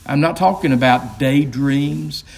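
A man's voice: mid-range voice, unhurried, creaky, a little mellow. A man voicing a wild-eyed, terrified castaway who pleads and warns in a frantic voice. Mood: urgent.

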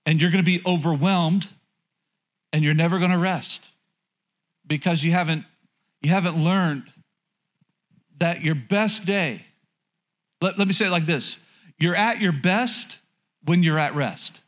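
A man with a somewhat high voice delivers a sermon in a conversational, candid tone. He often repeats phrases and throws questions out to the congregation. A light, joking manner runs through his preaching. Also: measured pace, pauses often, a bit bright. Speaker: pastor.

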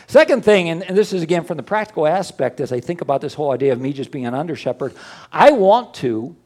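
An older man preaching as a pastor, conversational and folksy, with asides and a lively rise and fall. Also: fast talker. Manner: lively, often rising in pitch and loudness. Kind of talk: sermon.

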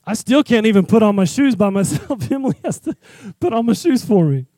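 A man preaching a sermon in an animated, conversational way, candid and personal with his listeners. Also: high voice, brisk, no echo. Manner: animated, conversational, acts out scenes.

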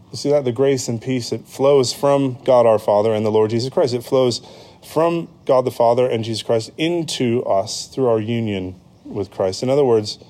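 Mellow-voiced American man preaching. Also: medium pitch. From United States. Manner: conversational, with frequent ums and self-corrections. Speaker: pastor. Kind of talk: sermon.

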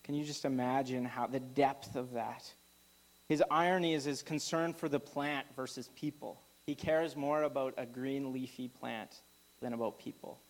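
A man's voice: mid-range voice, steady tone, normal speed, rough recording. A man preaching a conversational sermon. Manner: conversational preaching with frequent fillers and restarts. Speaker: pastor.

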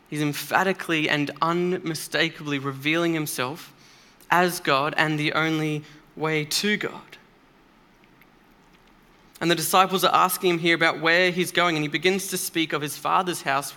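A man's voice: on the high side, steady tone, moderate pace, pushed and bright. A man preaching a sermon in a church, earnest and emphatic, speaking conversationally with occasional fillers.

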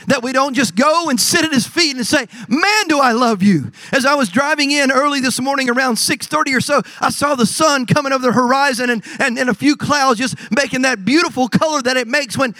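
Pastor guy preaching, high voice, dry close sound, gets loud and stacks up repeated words. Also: no echo. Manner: preaching with rising emphatic surges and repeated words. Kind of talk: sermon. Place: church sanctuary.

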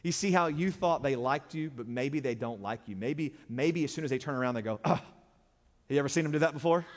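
A man preaching a sermon, emphatic and conversational, pressing points with call-and-response to the congregation. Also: fairly quick. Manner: emphatic, call-and-response, surges louder and higher on key points. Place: church sanctuary. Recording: long reverb of a church hall.

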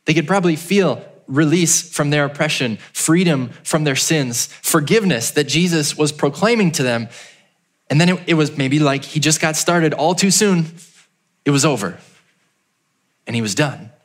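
A man preaching a sermon as pastor, telling the story and acting out the townspeople in a raised voice, then dropping low and quiet for emphasis. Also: animated, moderate pace.

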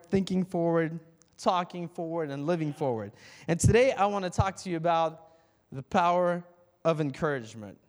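A pastor preaching a casual, conversational sermon, full of fillers and rising to emphatic calls to the congregation. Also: male voice, a little high, big-room sound.

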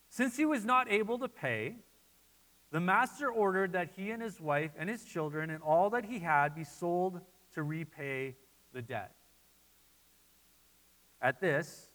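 A man preaching a sermon as pastor, animated and repeating his phrases as he voices listeners' doubts. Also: high-pitched, long reverb tail, low-quality recording.

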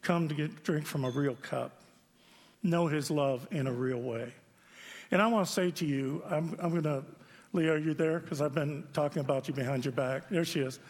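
A male pastor preaches in a fairly high voice, mixing self-deprecating stories with solemn points where he drops low and quiet. His voice carries with a long echo through a large church hall. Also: normal speed. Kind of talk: sermon.

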